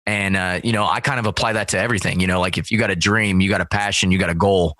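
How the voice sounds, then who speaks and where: A man talks casually, telling a story peppered with swearing and with "dude" and "bro" at the ends of his lines. His voice is bright, with a crisp edge. The sound is dry and close, with no room echo. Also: low-pitched, steady tone, fast. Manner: profane, storytelling, acts out quoted voices loudly. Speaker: guest. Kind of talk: casual chat.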